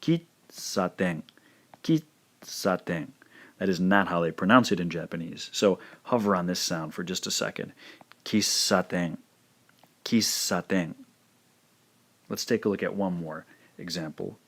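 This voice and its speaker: A man with a fairly low voice teaches a language lesson, speaking in a measured, careful way. He demonstrates sounds by repeating each word several times. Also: steady tone, vocal fry. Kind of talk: scripted lesson narration.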